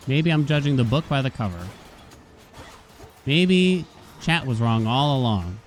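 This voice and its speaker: This man speaks at a medium pitch with lively intonation, taking his time and pausing often while faint music plays behind him. He's chatting on a casual video game stream, spinning stories and acting out the quotes.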